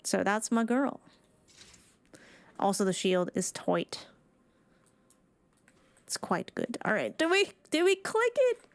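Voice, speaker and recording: A woman's voice: medium pitch, huge pitch swings, slow, gravelly, long pauses, no room sound. A woman streamer giving casual, playful commentary on her game, chatty and full of slang and nervous asides.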